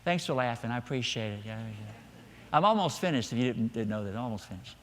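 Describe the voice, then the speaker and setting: A middle-aged male pastor preaching a sermon, swinging between loud emphatic lines and quiet, hushed ones. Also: mid-range voice, lively intonation, quick pace, big-room sound, a little hiss or hum. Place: church sanctuary.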